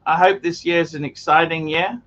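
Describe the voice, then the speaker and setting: A man's voice: fairly high pitch, steady tone, moderate pace, fairly bright tone, dull audio. Earnest, stammering Australian man on a stream. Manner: earnest, repeats himself, stammers on restarts. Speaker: livestream host. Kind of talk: casual livestream chat.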